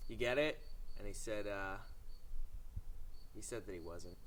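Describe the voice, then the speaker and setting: A young man tells mock-tragic comic stories with deadpan seriousness, his voice sitting on the low side. A faint hiss runs under the recording. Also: measured pace. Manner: mock-dramatic, builds to a flat punchline. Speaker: comedian. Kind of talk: deadpan mock-sad storytelling.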